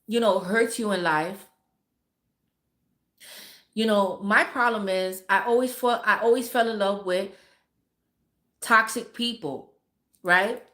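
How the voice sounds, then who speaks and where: Her voice medium-pitched and sharp, a woman hosting a livestream speaks slowly, pausing often as she hands out blunt, heavily profane relationship advice to viewers. She repeats words for emphasis in this casual advice talk, and the sound is roomy.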